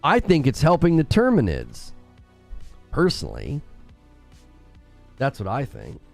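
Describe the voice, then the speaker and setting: A man's voice: medium pitch, huge pitch swings, a little slow, creaky, a little mellow, faint music behind. A man hosting a casual live game stream, bantering playfully and teasing his chat from a room at home. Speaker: gaming streamer.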